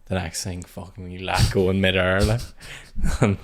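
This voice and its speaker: A man's voice: low voice, little pitch movement, moderate pace. A young man, co-hosting a podcast and telling stories from his childhood in sweary, casual chat full of "like". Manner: sweary, storytelling, peppered with "like". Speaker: podcast co-host.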